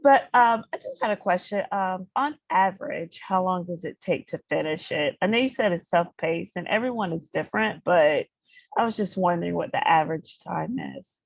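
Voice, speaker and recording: A woman's voice: fairly low pitch, lively intonation, normal speed, vocal fry, no echo, highs cut off. Tired friendly woman on a video call. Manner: tired but friendly, laughs easily. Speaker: prospective student asking a question.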